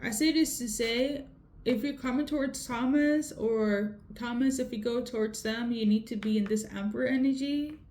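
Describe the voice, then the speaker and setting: A woman gives a casual tarot reading, speaking straight to viewers in a conversational way and checking in often with "okay?". Her voice is on the high side with a darkish tone, at a moderate pace. The recording is in an echoey room with faint noise.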